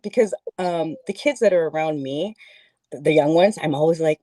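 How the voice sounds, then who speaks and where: A woman with a slightly low voice hosts a casual live chat, giggling often and asking loose, curious questions. Her voice sounds dry and close. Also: expressive, moderate pace, mellow, no echo. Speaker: host. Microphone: video call.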